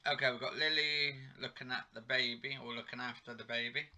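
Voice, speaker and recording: A man recaps a soap episode from home in a rambling, casual way, often stopping to correct himself. His voice is very bright and sits at a middle pitch. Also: steady tone, brisk. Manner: rambling, chatty, self-correcting. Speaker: TV episode reviewer. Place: home living room.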